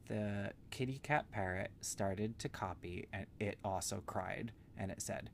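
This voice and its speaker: A man telling an improvised bedtime story to a child in a gentle, meandering way with simple words. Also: fairly low pitch, measured pace, gravelly, slight background noise.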